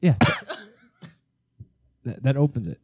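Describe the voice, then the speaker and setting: A man's voice: mid-range voice, expressive, slow pace, warm tone, slight background noise. A man hosting a casual podcast game, joking and laughing as he stumbles over words. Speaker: podcast host running a taste-test game.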